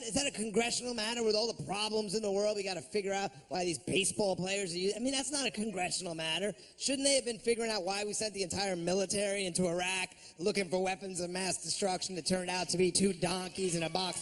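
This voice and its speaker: A man's voice: sits high, fairly bright tone. A man doing a stand-up comedy routine on a club stage, ranting in a profane, sardonic way.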